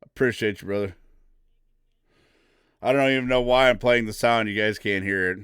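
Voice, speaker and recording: A middle-aged man hosting a live morning show, loud, excitable and folksy. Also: on the low side, moderate pace, clean tone, dry recording, clean studio sound. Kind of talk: casual live stream talk.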